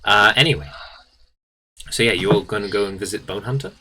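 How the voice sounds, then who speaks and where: A man's voice: fairly low pitch, a little fast, bright, forceful tone, slightly rough, poor audio. A man running a tabletop game, rambling through his narration with lots of fillers and restarts. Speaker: game master.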